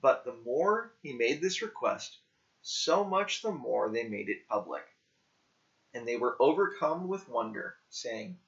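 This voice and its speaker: A man reading scripture aloud slowly and carefully, in simple language for learners. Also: medium pitch, lively intonation, vocal fry, fairly bright tone. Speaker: scripture reader. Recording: dull lo-fi recording.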